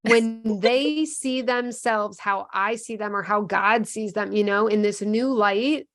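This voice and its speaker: A woman's voice: mid-range voice, takes it slowly. A woman coach, a guest on a podcast, speaking earnestly and candidly in casual conversation with frequent restarts.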